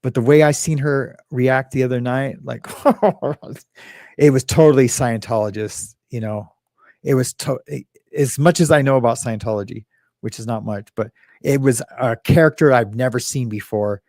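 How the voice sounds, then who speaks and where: A man's voice: medium pitch, moderate pace, darkish tone, no room sound, clean studio sound. A man hosting a casual talk show, rambling and emotional, with many fillers and restarts. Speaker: host.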